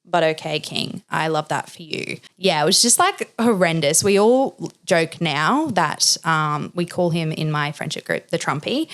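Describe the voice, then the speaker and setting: A woman in her thirties hosts a podcast and tells a candid story in a slightly low voice. She is chatty and fills her talk with fillers, often acting out what people said. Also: unhurried, hardly any pauses. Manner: chatty, filler-heavy, expressive quoting. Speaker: podcast host.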